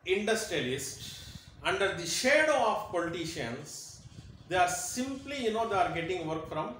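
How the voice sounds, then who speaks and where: Male lecturer, fairly high voice, deliberate delivery in a boomy room. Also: very animated, a bit bright. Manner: emphatic, repeats key phrases. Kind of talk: motivational lecture. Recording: very echoey room, faint noise.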